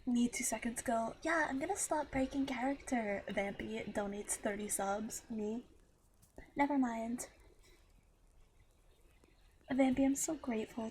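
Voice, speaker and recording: A woman's voice: a little high, unhurried, long pauses, a little mellow, slight background noise. A young woman streamer thanking donors on a live stream, swearing often, stammering and sometimes dropping into a whisper.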